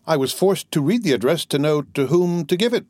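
A man's voice: on the high side, lively intonation, brisk, darkish tone, no room sound, clean studio sound, voice pushed up, natural voice. A man voicing an earnest young sailor held as a prisoner, speaking in an eager, pleading way in a raised voice. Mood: anxious. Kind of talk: audiobook character voice.

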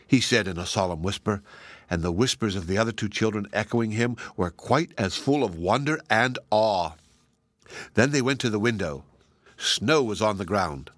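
Man, storybook narration, gentle, expressive, medium pitch, dry close sound. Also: no room sound. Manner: gentle, expressive reading with playful asides.

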